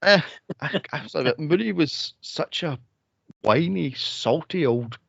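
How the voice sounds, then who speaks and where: A man co-hosting a movie podcast, animated and sweary, laughing and acting out scenes in casual chat. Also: on the high side, measured pace, creaky, dry recording. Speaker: podcast co-host. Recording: dry, dull lo-fi podcast audio.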